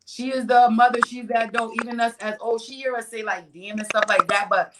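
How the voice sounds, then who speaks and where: A woman in her thirties talks in a casual group chat, her voice sitting a little high as she tells lively stories about parenting and slips into the voices of her daughter and mother. there is a faint hiss behind her. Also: fairly quick. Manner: animated storytelling, acts out her family's lines.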